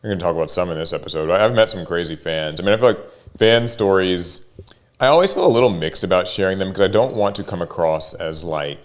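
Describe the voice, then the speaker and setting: A man's voice: low voice, fast talker. A man co-hosting a casual podcast chat, hedging and full of fillers. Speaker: podcast co-host.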